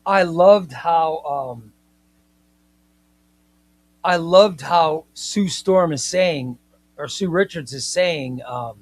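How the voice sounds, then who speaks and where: A man's voice: a little high, very slow, long pauses. A man hosting a casual comics livestream, talking emphatically, repeating his points and reading viewer comments aloud.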